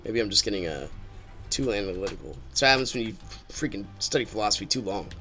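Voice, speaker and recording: Lively, bright-voiced man streaming a game. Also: lowish voice, quick pace, faint music behind. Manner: rambling, thinks aloud, drifts into musings. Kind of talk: casual gameplay commentary.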